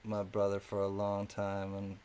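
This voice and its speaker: A man's voice: fairly low pitch, monotone, normal speed, a little mellow, clean tone. A man hosting a live-stream coin auction in a chatty, casual way, thanking viewers by name between calls.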